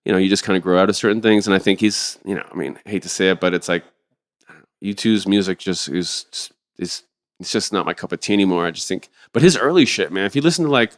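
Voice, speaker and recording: A middle-aged man telling stories as a podcast guest in a rambling, animated way, swearing freely. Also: deep voice, quick pace. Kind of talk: casual interview storytelling.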